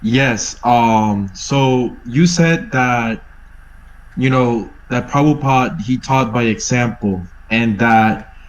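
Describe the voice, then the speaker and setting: A man calling into an online session to ask a question, halting as he searches for words. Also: mid-range voice, highs cut off. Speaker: caller. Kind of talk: asking a question in a live session. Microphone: video call.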